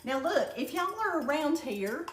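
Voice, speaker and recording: A woman's voice: high-pitched, sing-song, measured pace. An older Southern woman with a Southern American accent, chatting folksily through a home cooking demonstration. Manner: chatty, folksy, addresses viewers as y'all. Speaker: home cook. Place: home kitchen. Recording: echoey kitchen with background noise.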